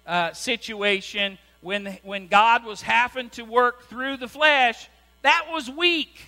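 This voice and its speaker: High bright-voiced preaching pastor man. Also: slow. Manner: lively preaching, asks the congregation "right?" again and again. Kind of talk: sermon. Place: church sanctuary. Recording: hum and long hall reverb.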